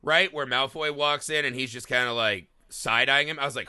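A man's voice: mid-range voice, moderate pace, sharp tone, clean tone. A man co-hosting a casual film podcast. He is opinionated and joking, with loose and profane asides. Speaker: podcast co-host.

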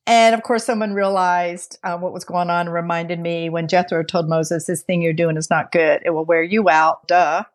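Animated woman telling a story. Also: lowish voice, normal speed, few pauses. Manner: animated storytelling, acts out quoted dialogue; laughs often mid-sentence. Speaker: podcast co-host. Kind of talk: casual podcast conversation.

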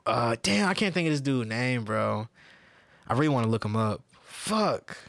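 A man in casual podcast chat, talking loosely and cursing freely, with plenty of swings in his voice. His pitch sits mid-range for a man. The sound is close and dry, with no room echo. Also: creaky. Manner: loose, profane, animated storytelling with quick voice shifts. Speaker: podcast co-host.

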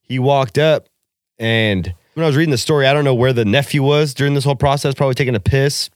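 A man's voice: mid-range voice, fast, no room sound, clean studio sound. A man co-hosting a podcast in casual chat, profane and joking, laughing often. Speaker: podcast co-host.

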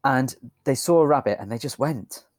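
A man's voice: medium pitch, normal speed, a little mellow, dry recording. Understated British man telling a rambling story. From United Kingdom. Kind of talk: casual chat.

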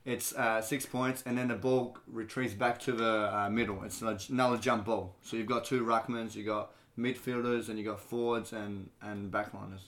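A man from Australia with an Australian accent, a bartender guest chatting casually on a podcast in an easygoing way, pausing on fillers. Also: fairly low pitch, fairly even intonation, a bit bright.

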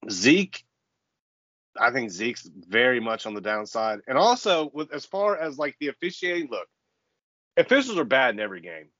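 A man's voice: medium pitch, sing-song, a bit bright, no room sound, highs cut off. Laid-back man breaking down a football game. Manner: measured, reasoning through points, casual profanity. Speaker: podcast co-host. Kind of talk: sports analysis chat.

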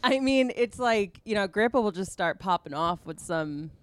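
Young woman podcast guest, lively casual chat, mid-pitched. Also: normal speed, clean tone.

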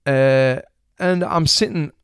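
Speaking slowly in a slightly high, clean-toned voice, a young Englishman from Sunderland recounts a casual story. He's a retired boxer who is chatty, swears freely and acts out the people in the tale. The clean studio recording has no room sound.

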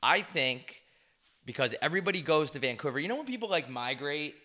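Young man, podcast co-host, bright forceful voice, crude joking banter. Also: fairly high pitch, fairly quick. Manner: crude, joking, animated storytelling. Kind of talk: casual chat.

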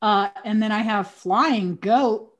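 A woman co-hosting a podcast, chatting casually about a movie, sarcastic and animated with a playful streak. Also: medium pitch, slow, slight background noise. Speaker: podcast co-host. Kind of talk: casual movie review chat.

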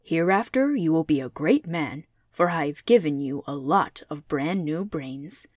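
A woman reading aloud and voicing a little humbug wizard in a calm, measured, slightly lower voice. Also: no echo, studio quality. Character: humbug wizard, little old man, smooth.

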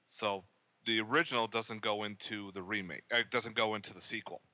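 A man's voice: fairly low pitch, fairly even intonation, brisk, bright, forceful tone. A man co-hosting a casual movie podcast, recounting scenes and acting out the lines. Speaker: podcast co-host.

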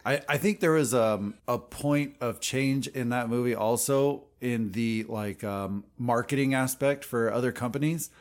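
A man's voice: mid-range voice, unhurried, few pauses. Hesitant man chiming in on a podcast. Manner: hesitant, filler-heavy, joking. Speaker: podcast co-host. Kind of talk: casual chat.

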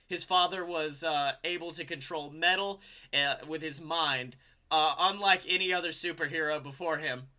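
A young man spinning an animated, rambling story in casual chat. His voice sits a bit high and is very bright and forceful, and he fills his sentences with fillers.

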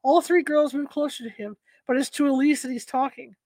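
Woman reading a story out loud, high voice, dry close sound, steady pace. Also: brisk, hardly any pauses, no room sound, poor audio. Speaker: narrator. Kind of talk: read-aloud story narration.

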